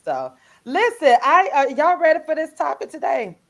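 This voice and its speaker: A woman co-hosting a radio talk show in casual, animated banter, laughing easily and greeting listeners by name. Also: high voice, normal speed. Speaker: radio show guest co-host.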